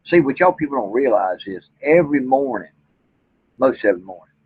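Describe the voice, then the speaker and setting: A vlogger who researches Bigfoot rants angrily and bluntly to the camera, swearing freely. His medium-pitched voice is animated, a little fast, and breathy, and the audio sounds tinny, like a phone.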